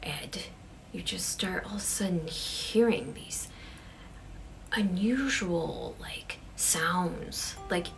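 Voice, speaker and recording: Gravelly-voiced woman storyteller, casual, slips into whispers for suspense. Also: fairly low pitch, slow pace, slight background noise. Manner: drops to a whisper for suspense, chatty fillers. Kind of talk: casual ghost-story telling.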